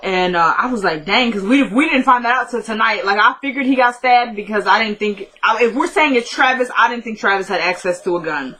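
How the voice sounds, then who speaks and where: A woman's voice: medium pitch, lively intonation, brisk, few pauses, bright, forceful tone, slight background noise, low-quality recording. A woman casually recapping a TV episode in a chatty, conversational storytelling manner. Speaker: show recap host.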